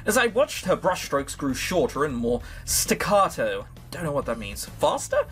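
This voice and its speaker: Over soft background music, a man with a slightly high, fairly bright voice reads a visual novel aloud at a moderate pace. He's very animated, interrupting himself with sarcastic jokes and offhand cursing as a let's play host.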